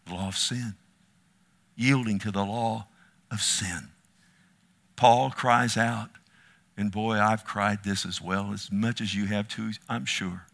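An impassioned male preacher with a bright, forceful tone. He surges into loud, pleading climaxes, then falls back to soft, intimate asides. He speaks to his hearers tenderly as "loved one.". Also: lowish voice, fairly even intonation, slow, creaky, long pauses. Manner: impassioned, rising to near shouts then dropping to hushed asides; addresses listeners as "loved one". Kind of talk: sermon.

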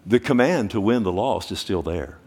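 A man preaching a sermon, animated, swinging from loud urgent bursts to quiet low asides. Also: moderate pace, husky.

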